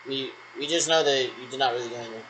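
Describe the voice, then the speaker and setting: A man's voice: mid-range voice, rapid-fire, a bit bright, a little hiss or hum, rough recording. A man in a rambling solo monologue who repeats himself and answers his own questions.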